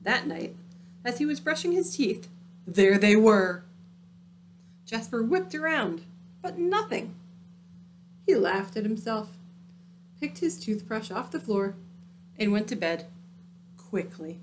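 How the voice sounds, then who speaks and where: Woman reading a kids book, slow and drawn out, voice swoops up and down, goes all hushed and spooky. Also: on the high side, big pitch swings, slight background noise. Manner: dramatic, drops into hushed spooky tones. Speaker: storyteller. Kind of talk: picture book read-aloud.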